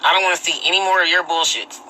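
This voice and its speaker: Woman host ranting on a phone livestream; blunt, opinionated, sharp bright tone, light noise behind. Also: fairly low pitch, steady tone, quick pace, rough recording. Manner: reads and answers viewer comments. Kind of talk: casual livestream rant.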